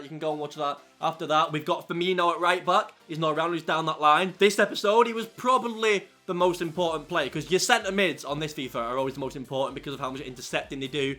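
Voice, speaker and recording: A man commentating his own football video game, out of breath, shouting at big moments and chatting fast in between. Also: a little high. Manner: shouts excitedly over goals, then talks fast and loose. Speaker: gaming YouTuber. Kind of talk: excited gameplay commentary.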